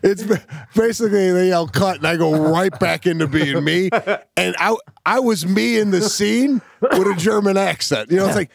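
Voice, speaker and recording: Gravelly comic podcast co-host. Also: male voice, sits high, no echo. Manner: animated, self-mocking, quick bursts. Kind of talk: casual comedic storytelling.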